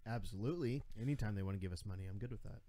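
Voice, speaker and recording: A man's voice: fairly low pitch, racing, warm tone. A man co-hosting a casual talk radio show, chatty and teasing. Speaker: radio co-host.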